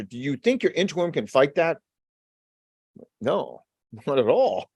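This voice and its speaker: A man giving a lively webinar lecture as an exam prep instructor, repeating key phrases and drawing his audience into call-and-response. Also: a little high, slow, gravelly, breathy edge, dry recording, clean studio sound. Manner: energetic, call-and-response teaching.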